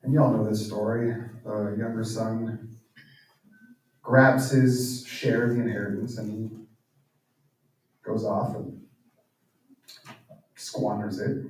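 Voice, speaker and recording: A man's voice: on the low side, steady tone, slow, pauses often. A man, a guest author and speaker, giving a sermon as conversational storytelling in a large church hall. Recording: echoey hall, distant mic.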